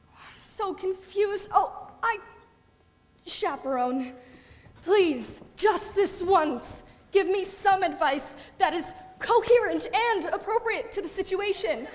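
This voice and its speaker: A woman's voice: extremely high pitch, takes it slowly. A young woman on a school stage playing a theatrical young bride who gushes dreamily, recorded in a reverberant auditorium. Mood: flustered. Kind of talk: school stage musical acting. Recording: reverberant hall, distant stage sound.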